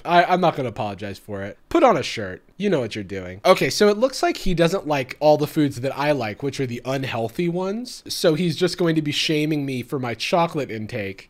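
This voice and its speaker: A man's voice: on the high side, very animated, fairly quick, few pauses. A young man hosting a comedic reaction commentary, sarcastic and laughing often. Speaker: YouTube host.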